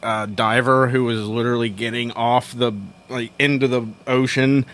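Man, podcast co-host, casual chat, profane, animated. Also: medium pitch, normal speed.

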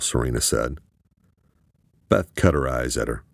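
A man reads an audiobook in a very deep voice that rises and falls with lively expression. His narration is crude and vivid. The sound is close and dry. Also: a little slow, vocal fry, long pauses, no room sound.

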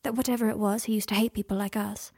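Soft kind young woman, read by a woman, husky close voice. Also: medium pitch, little pitch movement, fast, no room sound. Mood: gentle. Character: gentle, perceptive young woman friend.

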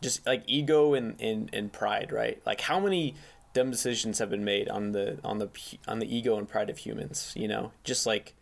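Gravelly-voiced male podcast host. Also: fairly low pitch, fairly even intonation, moderate pace. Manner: jokey, swears freely. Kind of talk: casual podcast chat.

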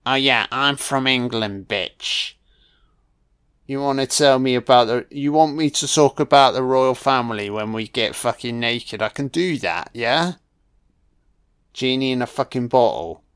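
A man's voice: medium pitch, sing-song, measured pace, long pauses. A man doing a cocky, leering young Englishman. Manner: boastful, leering, lewd. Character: crude cocky young Englishman chatting up women.

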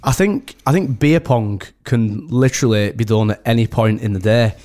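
A man's voice: mid-range voice, normal speed, darkish tone. A man from the UK, a wedding host, chatting casually as a podcast guest in a rambling way full of restarts. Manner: rambling, many restarts and "do you know what I mean".

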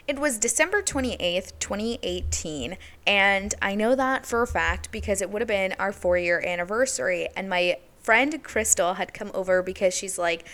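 A young adult woman hosting a podcast tells a personal story candidly and casually, saying "like" a lot. Her medium-pitched voice is expressive and a bit bright, moving at normal speed with few pauses.

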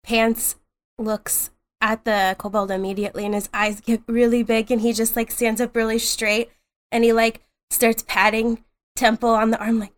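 A woman's voice: fairly high pitch, normal speed. A young woman playing her character in a tabletop role-play, narrating and voicing it with giggly energy. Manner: giggly, bubbly, animated when voicing her kobold. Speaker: player.

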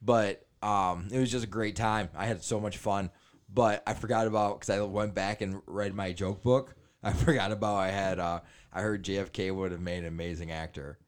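Comedian guy w a lowish voice just chatting, laughs a lot. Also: fairly even intonation, moderate pace, clear, resonant tone. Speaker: stand-up comedian. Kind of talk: casual chat.

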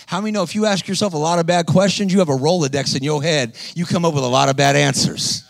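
A man's voice: a little high, quick pace, gravelly, hardly any pauses, dry recording. A man preaching a sermon in church, punching his points with rhetorical questions and "come on" refrains. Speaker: guest preacher.

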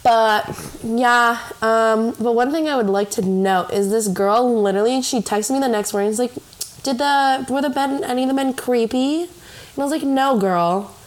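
Fairly high young woman chatting on a podcast, rambles with lots of "like"s and laughs a lot. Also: steady tone, normal speed. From Michigan. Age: young adult. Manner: rambling storytelling, constant "like" fillers, laughs often. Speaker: podcast host. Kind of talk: casual chat.

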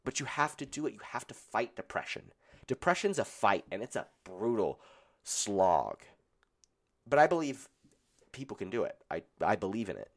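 A man hosting a solo podcast, his voice roughened by a cold, talking in an earnest, blunt and encouraging way. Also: on the low side, very animated, moderate pace. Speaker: podcast host.

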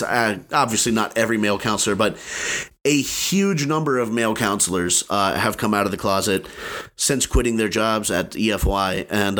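A young man in casual chat, animated, often jumping into playful voices. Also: on the low side.

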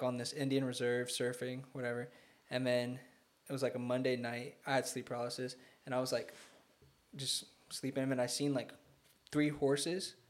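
A young man telling stories in a casual chat, rambling and filling his speech with "like". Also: medium pitch. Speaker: guest. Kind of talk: casual storytelling.

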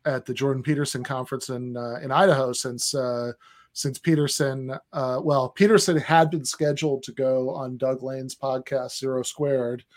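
Podcast guy who rambles and pauses a lot, mid-pitched voice, loose chatty delivery. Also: steady tone. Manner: rambling, hesitant storyteller with many pauses. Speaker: podcast co-host. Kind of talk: casual podcast chat.

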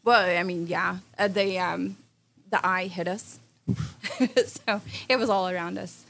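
A woman's voice: lowish voice, fairly even intonation, measured pace, creaky, a bit bright. A woman recounting a hard experience in a casual podcast interview, matter-of-fact and agreeable. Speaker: podcast guest.

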